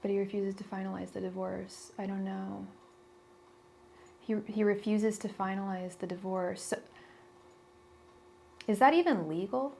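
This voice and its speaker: A woman's voice: medium pitch, fairly even intonation, unhurried, vocal fry, long pauses, darkish tone, a little hiss or hum. A young adult woman giving a live-stream tarot reading, talking bluntly and chattily with many restarts. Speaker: tarot reader.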